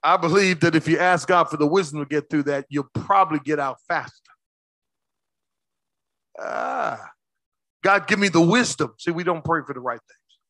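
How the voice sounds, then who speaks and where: A man preaching a sermon as pastor, quizzing his congregation with quick questions and slowing down hard to stress key words. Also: on the high side, pushed and bright, no echo. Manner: call-and-response questions to the congregation.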